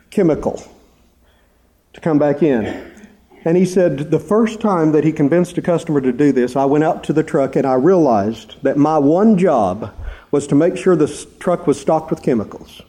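A man preaching a sermon, telling a story with lively emphasis and earnest, drawn-out stresses on key words. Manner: animated storytelling, rising pitch for emphasis.

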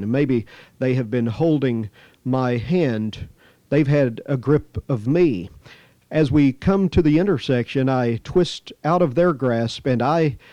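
A man's voice: mid-range voice, mellow, no room sound. A man preaching a sermon with scripture readings, earnest and emphatic, rising on key phrases. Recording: slightly dull lo-fi dry recording.

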